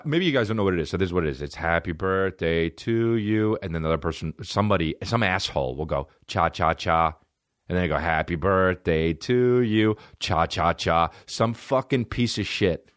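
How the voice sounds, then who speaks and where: In clean studio audio free of room sound, a medium-pitched man in his thirties hosts a comedy podcast. He rants in a relaxed, foul-mouthed way and mimics people with mocking voices.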